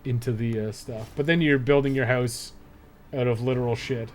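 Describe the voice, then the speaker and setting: A young man streaming a dungeon game, talking in a relaxed, mid-pitched voice. He mutters, swears freely and chats to himself between turns. A soft hiss sits under his desk microphone. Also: moderate pace. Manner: laid-back, swears a lot, muttering asides. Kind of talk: casual live-stream commentary.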